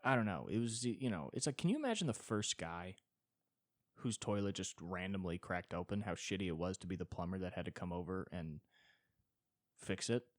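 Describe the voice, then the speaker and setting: A man's voice: low-pitched, expressive, normal speed, dry recording, studio quality. A man doing a stand-up style solo podcast monologue, rambling and exasperated, with swearing riffs. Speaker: stand-up comedian and podcast host.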